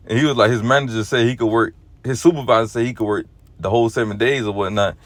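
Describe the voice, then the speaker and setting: A man in a dry, close recording gives a loose, rambling exhortation in a middle-pitched voice. He leans on fillers and restarts, often drops low and quiet, and at other times climbs into loud, animated bursts. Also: fast talker, dry recording. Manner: rambling, heavy on fillers like "you know" and "or whatnot"; starts low and subdued, then grows loud and animated. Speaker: lay religious teacher. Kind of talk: casual spoken exhortation.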